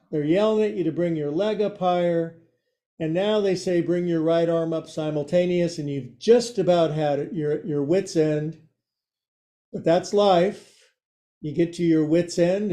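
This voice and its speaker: A man guides a yoga class, cracking jokes between his cues. He talks slowly, in a fairly high voice with a soft, mellow tone. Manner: joking, playful cues. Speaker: yoga teacher. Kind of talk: guiding a live yoga class.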